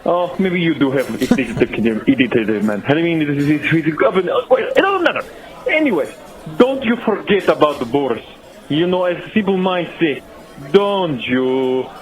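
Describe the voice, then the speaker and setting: A man's voice: a little high, voice pushed up, low-quality recording. A man voicing a cheerful Russian mine worker calling in, with a put-on Russian accent and broken, rambling English. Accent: fake Russian.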